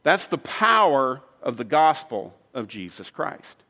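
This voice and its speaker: A man's voice: mid-range voice, very animated, unhurried, sharp tone. A man preaching a sermon as pastor, telling a story in a conversational way with dramatic emphasis. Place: church sanctuary. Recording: long reverb of a large hall.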